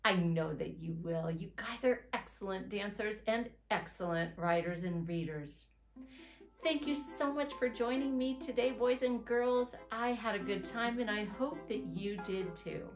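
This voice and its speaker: Woman teacher for early readers; slow, letter-by-letter delivery, echoey room. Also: mid-range voice, soft background music. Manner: slow, sounds out letters and words one by one. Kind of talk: reading and writing lesson for young children.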